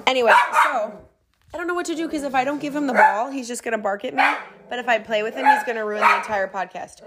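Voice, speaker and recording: A woman hosting a podcast from home, telling stories in a chatty, animated way and laughing often. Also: fairly high pitch, fast talker, very noisy. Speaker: podcast host. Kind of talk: casual storytelling.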